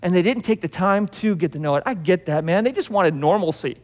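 A man preaching a conversational sermon as a pastor, acting out the Bible scenes in quick bits of dialogue. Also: sits high, expressive, long reverb tail.

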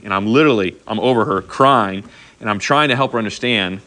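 A man's voice: fairly low pitch, fairly quick. A middle-aged man preaching a sermon, telling stories in a conversational way and often checking in with "okay?". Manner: conversational, animated storytelling with frequent "okay?" asides. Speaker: pastor.

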